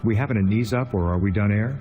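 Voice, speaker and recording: A computer-made man's voice plays a game drone AI with a London accent, acting the cheeky rogue. It is chummy and full of slang, pitched low, with music under it. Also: fast, highs cut off. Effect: synthetic text-to-speech voice.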